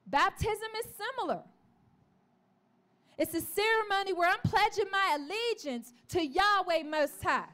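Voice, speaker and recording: Very high-voiced woman preaching a testimony. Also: unhurried. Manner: animated storytelling, acts out the voices in her story; calls out to the congregation. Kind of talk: sermon testimony. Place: church.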